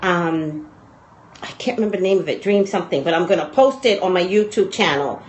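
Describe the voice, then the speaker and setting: A woman's voice: lowish voice, a little fast, slight background noise, low-quality recording. A woman hosting a casual talk show, rambling and chatty, and she often breaks into laughter. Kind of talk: casual chat.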